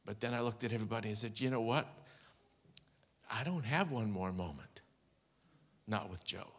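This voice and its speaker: A man's voice: on the low side, animated, normal speed, fairly bright tone. A man preaching a sermon as pastor, telling a personal story with heartfelt, quoted speech. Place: large church hall. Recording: long church hall reverb.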